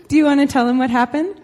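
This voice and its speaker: A woman with a high voice shares an emotional testimony in a large church, breaking into laughter often. Her words ring out in an echoey hall with a long reverb tail. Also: mellow, a little hiss or hum. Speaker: church speaker and mother.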